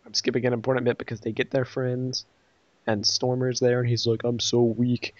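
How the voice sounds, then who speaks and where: A man's voice: mid-range voice, little pitch movement, a little fast, no room sound, muffled recording. A man casually reviewing an episode, retelling the plot in a rambling way and voicing quoted lines.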